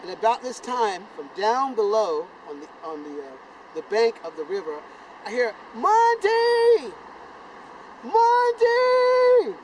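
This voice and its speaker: Older man from South Carolina, storytelling outdoors, noisy road behind, lively and loud. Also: moderate pace. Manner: animated, sound effects like boom and bam, acts out voices. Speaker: channel host telling a personal story. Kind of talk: casual storytelling to camera.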